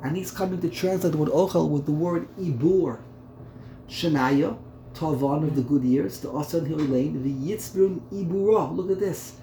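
A Torah teacher leads a text study lesson, thinking aloud and repeating words as he works through the terms. His voice is fairly high and dark-toned, at a normal speed. The room echoes, with a faint hum in the background.

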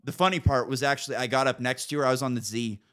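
A man hosting a podcast, telling stories in a casual, animated and profane way. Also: mid-range voice, very fast. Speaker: podcast host. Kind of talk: casual storytelling chat.

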